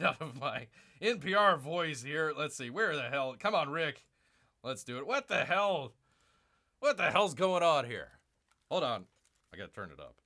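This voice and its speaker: Casting note: lively male game streamer, bright and animated, chatty, talks straight to his viewers. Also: on the high side. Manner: excitable, chatty, keeps addressing viewers as "people". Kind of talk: casual livestream chat.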